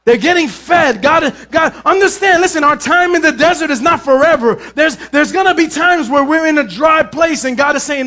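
A male pastor preaching a lively sermon in a church, with a very high, bright-toned voice. He jokes with the congregation, acts out biblical figures, and drops in Spanish phrases. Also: moderate pace, few pauses.

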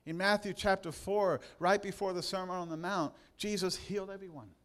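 High-voiced man preaching emphatically. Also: steady tone. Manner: emphatic, drawn-out stresses, retells scripture with humor. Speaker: pastor. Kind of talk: sermon. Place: church.

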